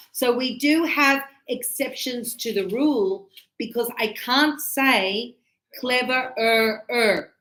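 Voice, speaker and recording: A woman teaching a grammar class, speaking very slowly and drawing out each key word. Her voice sits a little high. The room is echoey, picked up by a camera across the room. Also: bright, forceful tone. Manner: slow, deliberate, stretching key words. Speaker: English teacher.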